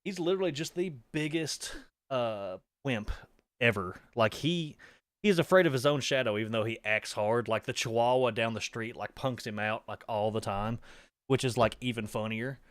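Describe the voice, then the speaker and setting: A young man streaming a horror game live, talking casually in a middle-pitched voice. He rambles from one aside to the next and breaks into startled yelps and curses. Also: moderate pace, no room sound, studio quality. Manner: chatty and rambling, jumps to startled yelps and swearing. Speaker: gaming streamer. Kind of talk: live horror gameplay commentary.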